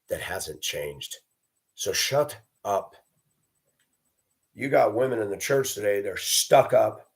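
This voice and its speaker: A man hosting his own video, delivering a blunt, combative, profane rant and mocking others in a raised voice. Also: lowish voice. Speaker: video host. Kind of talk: ranting monologue.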